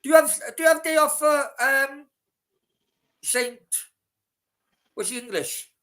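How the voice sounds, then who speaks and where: A man's voice: very high voice, measured pace, a bit bright. A man hosting a casual live stream, rambling, swearing freely and talking straight to his chat. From Wales.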